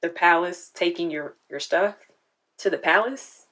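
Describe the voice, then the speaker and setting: A woman's voice: fairly low pitch, measured pace, a bit bright. A woman hosting a casual reaction video, chatting and talking back at the screen.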